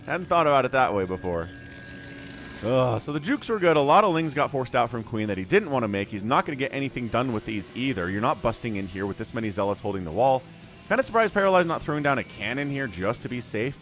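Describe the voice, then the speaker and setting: A man casting a recorded strategy game on a livestream, excitable and chatty, greeting viewers from chat between plays. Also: medium pitch. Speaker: game caster.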